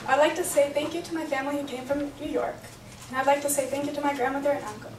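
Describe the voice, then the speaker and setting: A woman's voice: sits high, fairly even intonation, fast, slight background noise. A young woman reading an earnest, emotional prepared speech at a celebration, recorded from far off in an echoey hotel function room. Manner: earnest, reads from notes, emotional. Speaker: bat mitzvah speaker.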